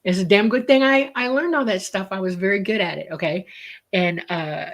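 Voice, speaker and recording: A woman in a casual interview, telling a story with lively acted-out dialogue over a remote call. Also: mid-range voice, brisk. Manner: lively storyteller who acts out quoted dialogue.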